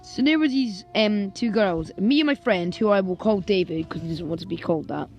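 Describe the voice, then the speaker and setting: Over soft background music, a young vlogger from Scotland tells funny stories in a fairly quick, medium-pitched voice with a darkish tone. Her delivery swings from narrating to exaggerated character impressions in acted comedy sketches.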